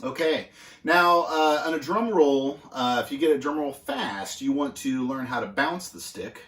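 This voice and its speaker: Relaxed drum teacher in an echoey room. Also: male voice, mid-range voice, music in the background. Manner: relaxed, halting with many fillers. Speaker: drum instructor. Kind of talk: casual instructional demonstration. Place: music school practice room.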